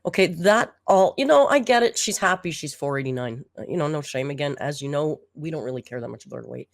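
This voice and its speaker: Still slightly hoarse from being sick, a woman hosting a reaction channel talks fast and expressively over a video, her low voice keeping a dry, sarcastic edge. The audio is close and dry, without any echo.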